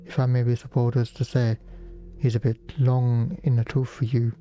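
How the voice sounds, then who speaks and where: A man's voice: mid-range voice, level tone, normal speed, warm tone, faint music behind, lightly acted. A man voicing a drunken old village man who wheedles for ale in a folksy way. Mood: wheedling. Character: drunken old male villager, gruff and cadging.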